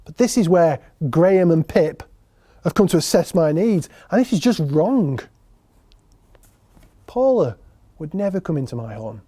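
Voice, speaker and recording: A man's voice: on the high side, very animated, unhurried, pauses often, warm tone. Wry man in a solo monologue. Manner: wry, sardonic, addresses audience directly. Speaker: writer and performer.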